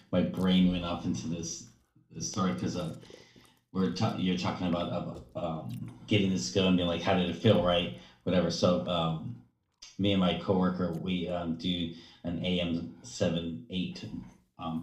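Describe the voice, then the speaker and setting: A man's voice: low voice, reverberant. A man who coaches gymnastics, telling a story in casual chat, rambling with many fillers and acting out quotes. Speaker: gymnastics coach, podcast co-host.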